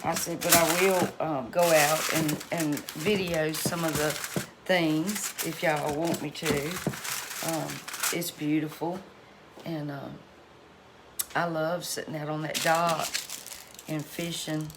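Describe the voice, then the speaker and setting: A woman's voice: low-pitched, level tone, slow, heavy background noise. A middle-aged woman, chatting folksily to her cooking channel viewers at home, laughing often. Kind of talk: casual chat to viewers.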